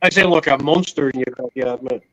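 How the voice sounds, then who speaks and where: A man calling in as a guest, telling animated, swear-filled stories. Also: medium pitch, brisk, a crowd in the background, low-quality recording. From Australia. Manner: animated storyteller, swears freely. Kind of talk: casual chat on a call.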